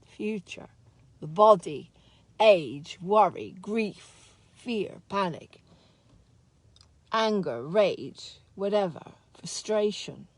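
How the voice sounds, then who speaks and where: A woman teaching a spiritual course in a slow, soft, heartfelt way, openly sad as she talks. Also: mid-range voice, animated, no echo. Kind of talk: reflective spoken talk.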